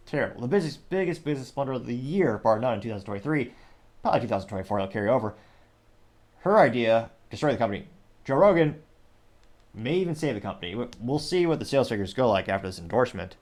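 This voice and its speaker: On a casual commentary show, the male host reads social media comments out loud, wandering into dry, rambling side remarks and frequently correcting himself. His voice sits at a medium pitch with a somewhat dark tone.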